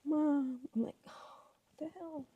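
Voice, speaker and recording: A woman's voice: deep voice, moderate pace, gravelly, dry recording, far from the mic, phone-quality sound. A woman co-hosting a casual podcast from a boat on a marsh, telling family stories and acting out the voices she quotes. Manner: animated storyteller, acts out quoted lines. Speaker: podcast co-host. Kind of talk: casual chat.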